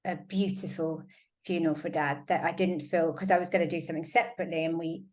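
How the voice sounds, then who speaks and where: A woman hosts a relaxed conversation, recounting events in a lively storytelling manner. Her voice sits on the lower side, and she often slips into quoting what she said. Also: quick pace. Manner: animated storytelling, quotes herself often. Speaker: host. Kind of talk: casual chat.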